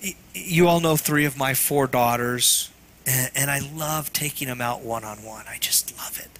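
A man preaching a sermon in an earnest, tender way, sometimes dropping to a hush. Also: mid-range voice, a little slow, a little hiss or hum. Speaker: pastor.

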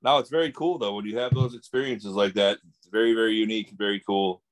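A man in casual conversation as a paranormal investigator, easygoing and matter-of-fact, with quick affirmations. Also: lowish voice, steady tone.

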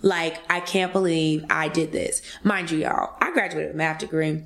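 Brief: woman in her twenties, podcast guest, casual and animated storytelling, slight vocal fry. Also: deep voice, moderate pace. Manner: animated, acts out quoted voices, addresses listeners as y'all.

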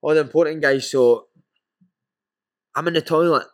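A man with a Scottish accent, a former footballer and podcast guest, telling lively stories and calling the listener "mate". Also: on the high side, moderate pace. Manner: animated anecdotes with frequent "mate". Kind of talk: casual storytelling.

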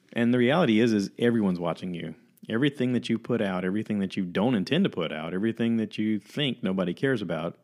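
A man telling a long story in a casual chat, animated and acting out the quoted voices. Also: fairly low pitch.

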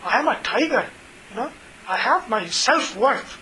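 A proud, self-respecting tiger, as a man tells it, in a spoken fable. The voice is high and sharp-edged, with easy, chatty delivery. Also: lively intonation, normal speed, full character voice, rough recording.

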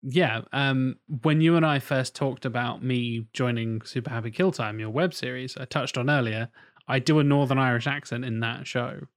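A man's voice: mid-range voice, steady tone, normal speed, no room sound. Man, podcast co-host, casual and self-deprecating, close dry sound.

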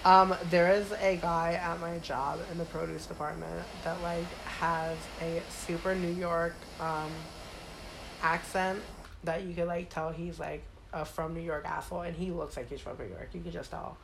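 A woman's voice: on the low side, level tone, moderate pace, vocal fry, noisy background. A young American woman co-hosting a podcast, swearing freely and joking crudely between giggles. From United States. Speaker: podcast co-host. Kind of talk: casual crude chat.

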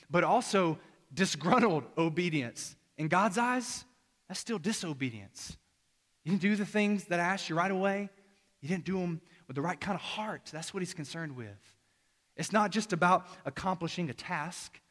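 Man preaching in a church, slightly high voice, casual storytelling, long echo of a big hall. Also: a bit bright. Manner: conversational preaching, acts out dialogues with his son. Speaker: young adult pastor. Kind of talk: sermon. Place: church auditorium. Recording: long reverb of a large hall.

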